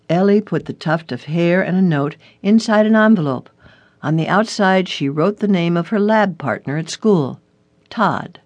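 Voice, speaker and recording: An audiobook narrator giving a steady, scripted reading of a short suspense story. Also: mid-range voice, no room sound.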